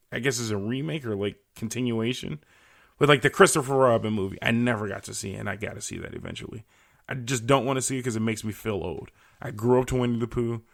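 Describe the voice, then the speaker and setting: A man's voice: lowish voice, gravelly. A young adult man hosting a solo podcast, ranting casually and swearing freely. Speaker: podcast host. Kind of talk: solo comedic rant.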